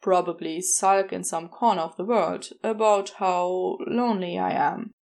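A woman's voice: fairly low pitch, fairly even intonation, measured pace, darkish tone, pitched below the performer's own voice. A woman voicing a wry, sulky male demon in a podfic reading. He talks in a self-mocking, hesitant way.

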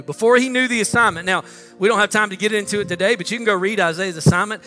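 A male pastor preaching a sermon, swinging between loud emphatic lines and hushed ones. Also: high voice, fast. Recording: long reverb with faint music.

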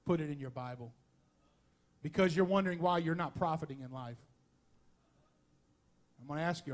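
A man preaching a folksy, animated sermon in church, with asides and humor. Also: fairly high pitch, moderate pace, pauses often. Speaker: pastor. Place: church sanctuary.

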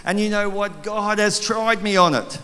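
A man's voice: high voice, moderate pace. Man preaching in a big hall. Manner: storytelling, animated, acts out quoted voices. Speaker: pastor. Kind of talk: sermon. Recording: long reverb of a large hall.

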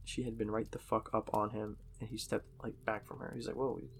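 Male horror storyteller, low gravelly voice, casual and profane. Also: completely flat delivery, brisk, a bit bright, a little hiss or hum.

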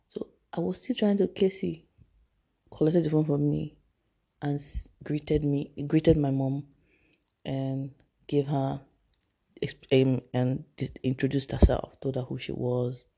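Gravelly, husky woman. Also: rumbling low, level tone, mellow. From Nigeria. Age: young adult. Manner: halting, emotional, hesitant restarts. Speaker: storyteller. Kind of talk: personal storytelling.

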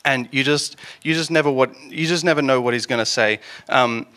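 Bright-voiced man preaching casually. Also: medium pitch, a little fast. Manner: chatty, joking, lots of ums and restarts. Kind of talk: casual conversational sermon.

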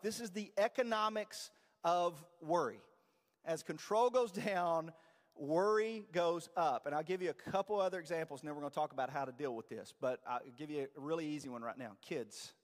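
Male pastor, conversational and self-deprecating sermon delivery, slightly higher voice, church hall reverb. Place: church sanctuary.

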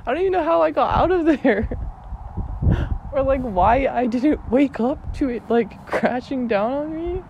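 A woman's voice: sits high, animated, a little slow. A young woman from Alberta, Canada, casually telling childhood stories, giggling often and swearing freely. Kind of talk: casual storytelling vlog. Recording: dull lo-fi with loud noise.

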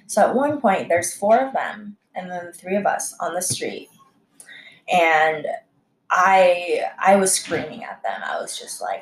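A young woman, a restaurant server, telling a story in a casual, heated, profane way, full of fillers and sudden jumps in pitch. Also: animated, measured pace, slight background noise. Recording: echoey room.

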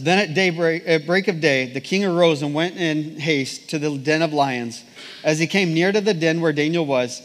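A man preaching a sermon and reading scripture aloud, in an earnest, measured way with repeated phrases. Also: on the high side. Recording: long hall reverb.

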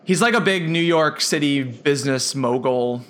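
A man co-hosting a podcast, chatting casually and teasing his co-host, with quick laughs. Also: fairly high pitch, noisy background. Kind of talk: casual chat.

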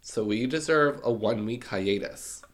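A man's voice: mid-range voice, normal speed, a bit bright. A man co-hosting a podcast in casual chat, feeling unwell, with dry, offhand jokes. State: unwell, on antibiotics. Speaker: podcast co-host.

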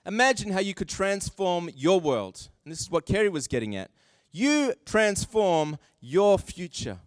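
A man preaching a sermon, animated and acting out quoted voices with self-deprecating asides. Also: high-pitched, measured pace, no room sound. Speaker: pastor.

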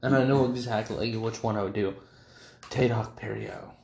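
A man's voice: on the low side, fairly even intonation, moderate pace, creaky, a little mellow. A man in casual banter about tabletop games, enthusiastic and blunt, swearing casually. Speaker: tabletop gaming podcast co-host. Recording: echoey room.

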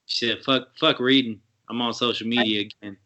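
Bright-voiced cussing podcast guy. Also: mid-range voice, fairly even intonation, normal speed, lo-fi sound, slight background noise. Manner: profane, joking banter. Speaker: podcast co-host. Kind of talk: casual podcast chat.

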